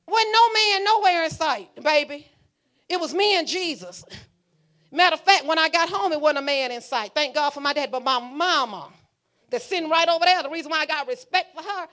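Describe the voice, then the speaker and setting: A woman's voice: high voice, animated, a little fast, pushed and bright. A woman pastor, preaching a fiery sermon and calling out to the congregation. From Alabama. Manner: fiery, preaching with call-and-response.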